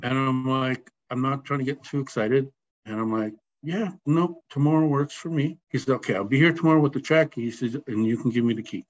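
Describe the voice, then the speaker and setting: A man telling a personal story as a podcast guest, animated and acting out the voices of the people in it. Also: mid-range voice, a little fast. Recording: slightly dull sound, faint background noise.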